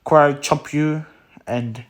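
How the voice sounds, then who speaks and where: A man loosely voicing a calm, quietly cocky young male hero while retelling a story. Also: fairly high pitch, slow pace. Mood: plain. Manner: loose, filler-filled quoting.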